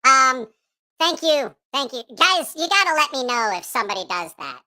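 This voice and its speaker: A man's voice: very high voice, big pitch swings, normal speed, bright, forceful tone, pitched above the performer's own voice, heavily acted. A man voicing a grumpy, foul-mouthed childlike puppet character while chatting on a livestream, grumbling and swearing. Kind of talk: livestream chat in a put-on voice.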